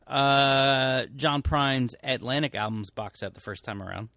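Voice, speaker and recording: A man's voice: mid-range voice, a little slow, bright, forceful tone, dry recording, clean studio sound. Casual chatty man on a podcast. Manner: rambling, self-correcting, many fillers. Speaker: podcast co-host. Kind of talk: casual chat. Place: record store.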